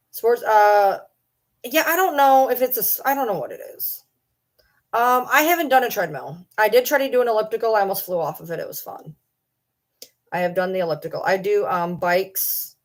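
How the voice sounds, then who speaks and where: A young adult woman chatting casually on a livestream from home, rambling and joking about herself. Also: mid-range voice. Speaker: streamer.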